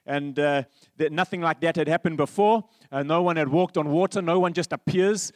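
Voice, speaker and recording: A male pastor preaching a sermon, telling stories that swing from animated to hushed. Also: on the high side, normal speed, dry recording.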